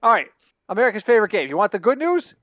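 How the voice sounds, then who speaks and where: A man's voice: high-pitched, racing, dry recording. A man co-hosting a sports podcast in casual banter, telling long rambling stories and correcting himself as he goes. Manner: rambling, animated storytelling with self-corrections. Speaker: podcast co-host. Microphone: home computer mic over online call.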